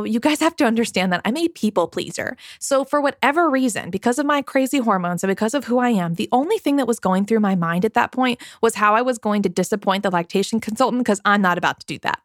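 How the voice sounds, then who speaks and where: A woman's voice: medium pitch, lively intonation, a little fast, hardly any pauses, fairly bright tone, no echo. A woman in her thirties hosting a parenting podcast, telling a personal story in a candid, chatty, confiding way into a studio mic. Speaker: podcast host. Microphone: studio microphone.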